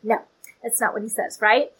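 A woman giving a casual, chatty Bible teaching, animated and playful with asides. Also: fairly high pitch, moderate pace, slightly rough, low-quality recording.

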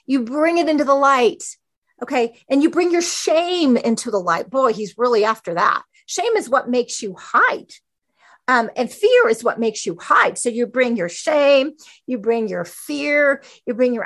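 A woman teaching scripture in a loose, conversational way, full of asides and fillers. Her voice sits fairly high for a woman. She moves from quick remarks to slower, stressed points. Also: sing-song, fairly bright tone. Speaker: Bible teacher. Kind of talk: teaching talk on a podcast.

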